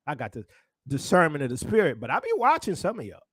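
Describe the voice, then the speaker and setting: Emphatic high-voiced preacher man. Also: huge pitch swings, quick pace, a bit bright, breathy edge, no room sound, studio quality. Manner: emphatic, repetitive rhetorical questions. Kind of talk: street-style sermon commentary.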